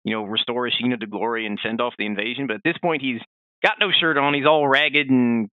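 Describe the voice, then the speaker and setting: A man co-hosting a casual podcast, chatting in an animated way with many fillers and restarts. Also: mid-range voice, quick pace, clean tone, no room sound, phone-quality sound. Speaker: podcast co-host.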